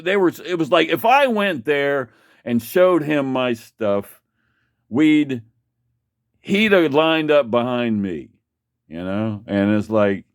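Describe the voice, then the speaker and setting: A man's voice: mid-range voice, dry recording, studio quality. A man telling a rambling personal story, swearing freely and restarting sentences often. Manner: profane, rambling, restarts a lot.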